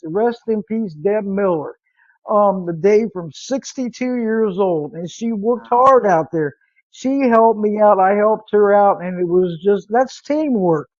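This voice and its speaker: A woman hosting a live internet radio podcast, talking casually in a halting, rambling way with many fillers and restarts. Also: mid-range voice, warm tone, dry recording, muffled recording.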